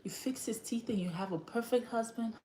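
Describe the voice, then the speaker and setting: A woman's voice: a little high, fairly quick, dark tone, reverberant, slight background noise. A woman with an African accent hosting a casual livestream chat, often breaking into laughter and acting out the voices she quotes. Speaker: livestream host.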